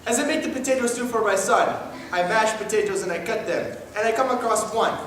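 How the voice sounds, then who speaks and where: A man in falsetto playing a doting, fussy mother obsessed with potatoes in an improv comedy scene. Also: a little fast, a bit bright, a little hiss or hum. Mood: puzzled. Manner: high falsetto, dramatic and earnest. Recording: echoey room from far off, live stage.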